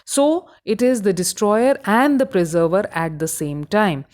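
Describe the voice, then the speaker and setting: A woman with an Indian English accent giving a recorded lecture on a poem, explaining slowly with many hesitations. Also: medium pitch, big pitch swings, a little mellow. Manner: halting, explanatory, many fillers.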